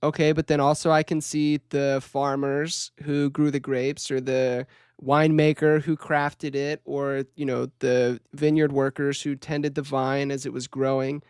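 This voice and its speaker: Relaxed reflective man, dry sound. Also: mid-range voice, measured pace, clear, resonant tone, dry recording. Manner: relaxed, reflective, laughs easily. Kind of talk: podcast conversation.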